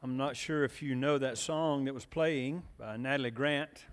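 A man's voice: medium pitch, normal speed, few pauses, clean tone, long reverb tail. A man preaching a sermon in a folksy, storytelling way, with many fillers and questions to the congregation.

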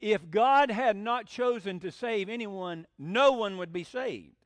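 A man's voice: sits high, measured pace, no room sound. A man preaching a folksy, emphatic sermon and acting out the voices he quotes. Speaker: pastor.

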